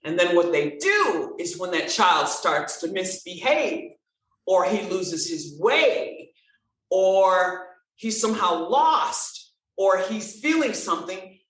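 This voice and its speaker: A woman guest telling a story in an interview, animated and acting out the dialogue. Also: a little high, distant mic. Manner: animated, expressive storyteller who acts out dialogue. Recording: roomy sound, from off-mic.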